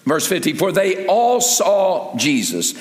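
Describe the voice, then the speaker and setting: An older pastor delivers a sermon, his somewhat high voice leaping and falling with lively expression. He moves from loud, emphatic peaks to quiet, low asides. The sound carries the long, roomy reverb of a large church hall. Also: takes it slowly.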